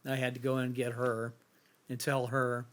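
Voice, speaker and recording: A middle-aged man telling a personal account on a podcast, halting and restarting often as he quietly retells something painful. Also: medium pitch, monotone. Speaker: bereaved father and guest.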